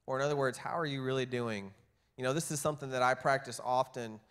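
A man preaching a sermon as pastor, telling stories and acting out the people he quotes, his loudness rising and falling. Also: mid-range voice, quick pace, clear, resonant tone. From Texas. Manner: storytelling, acts out quoted voices with big swings in loudness. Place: church.

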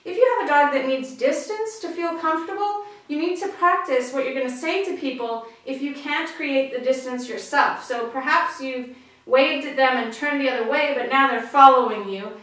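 High-voiced woman, distant and echoey. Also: normal speed, fairly bright tone. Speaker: dog trainer. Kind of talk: instructional video talk.

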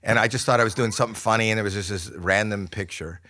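An older man, a podcast guest, talking in casual chat, flustered and halting with many restarts. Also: on the low side, sharp tone. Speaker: celebrity guest.

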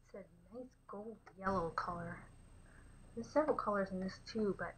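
A young woman talks casually as she paints, hosting her own art channel. She keeps her voice soft and often trails into a near whisper. A faint hiss of noise sits under the recording. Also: medium pitch, normal speed, poor audio. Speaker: artist and channel host. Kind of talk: casual commentary while painting.

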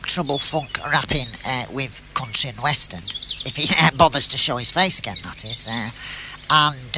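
A man, telling a comedy audio story in an excitable, nasal character voice. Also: fairly high pitch, noisy background. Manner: nasal, excitable, full of "brilliant". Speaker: comic character narrator.

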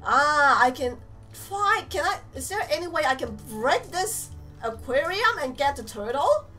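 A young woman giving animated let's play commentary, exclaiming and teasing the game characters as she plays. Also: high voice, unhurried, soft background music. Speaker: gamer.

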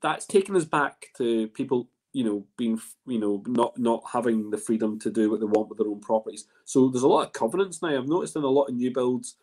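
A man's voice: medium pitch, fairly quick, hardly any pauses, a little mellow. A man hosting a whisky tasting in a casual, rambling way, full of restarts and fillers. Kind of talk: casual spoken presentation.

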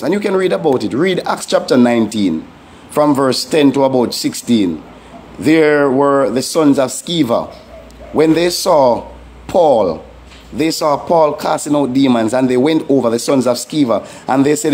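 A man's voice: medium pitch, expressive, normal speed, a little mellow, slight background noise. A man, a pastor, giving a testimony sermon in an earnest, emphatic preaching manner with repeated warnings.

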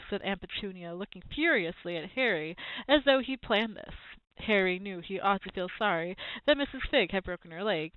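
A woman reads a children's book aloud, lively and expressive in her storytelling. Her voice is dry and close. The sound is thin and narrow, like a phone line. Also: medium pitch, no room sound. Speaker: reader.

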